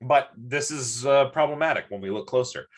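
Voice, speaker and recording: A man's voice: mid-range voice, normal speed. A man giving a live-streamed lecture, chatty and rambling, with many ums and restarts.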